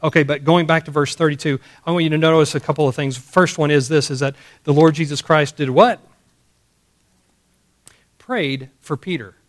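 A man's voice: fairly high pitch, steady tone, normal speed. A man preaching a sermon in an emphatic way, repeating key phrases and asking the congregation rhetorical questions. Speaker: pastor. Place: church service.

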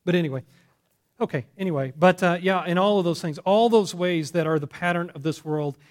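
A man's voice: sits high, fairly quick, darkish tone. Conversational man preaching a sermon. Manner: conversational, self-correcting, asks the congregation questions. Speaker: pastor.

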